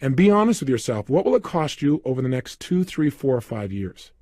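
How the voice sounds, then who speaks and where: A man's voice: mid-range voice, very animated, brisk, darkish tone, no room sound, clean studio sound. A man coaching listeners through a self-help program, giving emphatic step-by-step instructions. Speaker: motivational coach. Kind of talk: recorded self-help seminar.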